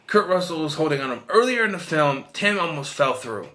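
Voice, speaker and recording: A man's voice: a little high, animated, brisk, pushed and bright. A man giving a casual, rambling film review, retelling scenes and quoting characters, with frequent restarts and fillers. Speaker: movie reviewer.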